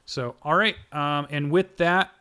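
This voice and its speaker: A man's voice: a little high, a little slow, pushed and bright, clear, resonant tone. Laid-back male game master, chatty. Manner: casual, loose, with many ums and self-corrections. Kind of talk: wrapping up a streamed tabletop session.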